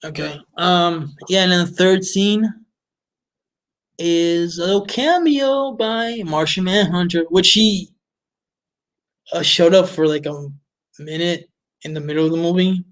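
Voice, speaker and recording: A man's voice: high-pitched, a little slow, long pauses. Blunt, profane man ranting about a film. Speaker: movie reviewer. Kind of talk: casual ranting film review.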